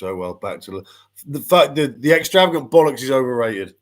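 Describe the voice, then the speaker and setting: Middle-aged guy ranting about boxing, swears a lot, blunt, mid-pitched voice. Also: lively intonation, brisk. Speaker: boxing pundit. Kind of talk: casual panel chat.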